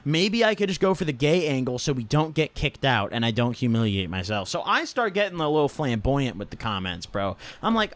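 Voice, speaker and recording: A man's voice: mid-range voice, big pitch swings, brisk, few pauses, a bit bright, no echo. A young man telling a casual storytime in a slangy manner, swearing often and tagging lines with "right?" and "dude". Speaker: vlogger.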